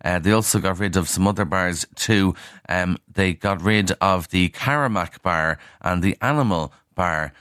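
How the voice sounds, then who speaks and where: Deep-voiced male radio presenter. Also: moderate pace, a bit bright, clean tone, dry recording, studio quality. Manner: conversational, frank, with fillers and asides. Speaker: radio presenter reviewing newspapers. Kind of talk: casual radio newspaper review. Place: radio studio.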